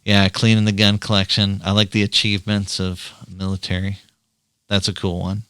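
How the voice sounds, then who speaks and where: A man's voice: lowish voice, completely flat delivery, moderate pace, fairly bright tone, clean tone, no echo, clean studio sound. A man hosting a podcast, a chatty storyteller talking casually about fatherhood. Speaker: podcast host, father of three girls. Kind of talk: casual chat.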